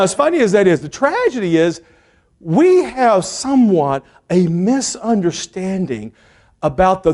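High-pitched, animated male pastor. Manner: animated storytelling, shouting quoted lines. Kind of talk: sermon storytelling.

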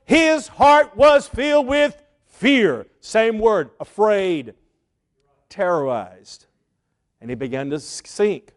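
A man preaching a sermon, earnest, pausing and repeating words as he builds his points and acts out the quotes. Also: high-pitched, animated.

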